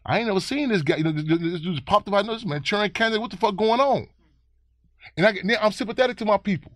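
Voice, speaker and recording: Interview guest from Chicago: quick, restless storyteller, repeats words, swears freely, sits dry and close on the mic. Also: male voice, sits high, dry recording. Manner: rambling, repeats words, profane, animated.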